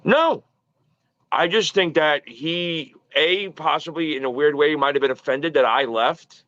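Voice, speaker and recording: A man's voice: on the high side, unhurried, a bit bright, no room sound, lo-fi sound. Profane, rambling man in his forties. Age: early 40s. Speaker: guest. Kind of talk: casual podcast chat.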